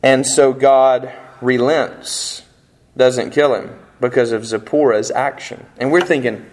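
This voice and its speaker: A man's voice: medium pitch, a little slow, poor audio. A man preaching a sermon in a conversational way, acting out the voices he quotes and often restarting his sentences. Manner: conversational, acts out quoted voices, self-interrupting. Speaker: pastor.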